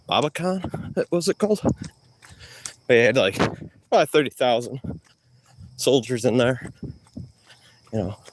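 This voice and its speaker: A man's voice: medium pitch, lively intonation, a little slow, pauses often, noisy background. A man rambling and trash-talking in a joking way during a live stream outdoors. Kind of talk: rambling live-stream chat while jogging.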